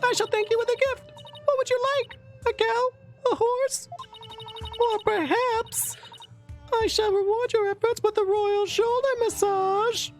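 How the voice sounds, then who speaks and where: A high, nasal young priestess who speaks in slow, formal phrases. Regal and a little haughty, with bright game music behind. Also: female voice, fairly even intonation. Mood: grateful. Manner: stiff, regal speech.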